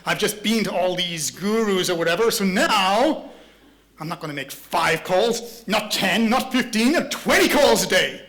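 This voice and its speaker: Man doing a loud gung-ho army general. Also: sits high, lively intonation, a little slow.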